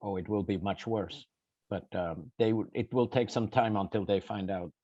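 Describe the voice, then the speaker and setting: A man from Switzerland on a discussion panel, talking in halting bursts with many restarts and repeated words. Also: fairly low pitch, fairly even intonation, warm tone, no room sound. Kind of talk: round-table discussion. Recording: dull lo-fi sound, very dry.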